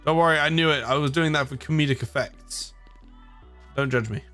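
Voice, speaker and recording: A man's voice: fairly high pitch, a little fast, pushed and bright, faint music behind. A man with an English accent, from the United Kingdom, chatting casually on a live stream, tired, rambling and often chuckling at himself.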